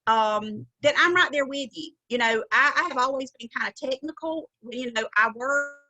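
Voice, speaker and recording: The audio is poor as a middle-aged Southern sales director leads a sales training talk over a video call, chatty and folksy and quick to laugh. She speaks at a moderate pace in a high, sharp-toned voice.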